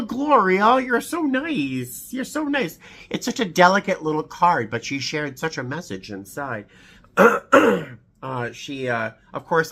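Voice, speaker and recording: A man's voice: mid-range voice, pushed and bright. A man chatting sentimentally on his video channel, tearful as he opens holiday cards and shares memories, with many fillers and restarts. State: teary. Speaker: vlogger. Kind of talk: emotional casual chat, reading holiday cards.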